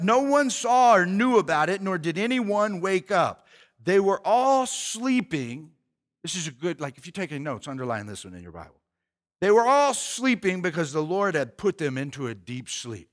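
A man's voice: sits high, fairly bright tone. A man preacher retelling a Bible story in a casual, slangy, conversational way with asides.

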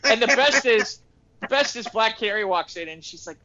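A man chats casually with a bright, high, forceful voice. He tells his stories with animated energy and keeps slipping into the voices of the people he quotes. The recording sounds dull and lo-fi. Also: brisk. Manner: animated storyteller acting out quotes. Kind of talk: casual chat.

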